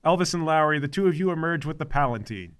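A man's voice: on the high side, expressive, fast talker, smooth. Man narrating a tabletop game. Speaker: game master.

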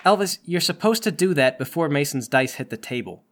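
A man's voice: on the high side, expressive, a little fast, fairly bright tone, a little hiss or hum. A man running a tabletop game as game master, with dry, wry remarks. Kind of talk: tabletop game narration and banter.

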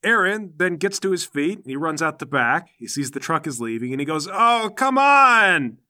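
Game master guy, bright voice, does little sound effects. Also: fairly high pitch, a little fast. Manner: lively narration with sound effects. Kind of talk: narrating a tabletop game.

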